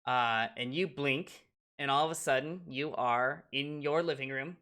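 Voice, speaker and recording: Game master narrator: halting and bright, with lots of fillers. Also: mid-range voice. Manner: halting, full of ums and uhs.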